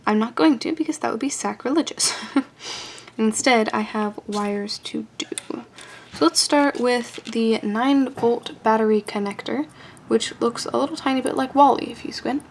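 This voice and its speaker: A woman narrating a casual hands-on kit build, playful and self-joking, often laughing and dropping into a soft whisper as she works. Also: on the high side, moderate pace, a little hiss or hum. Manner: often drops to a soft whisper while working. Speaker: amateur radio hobbyist building a kit.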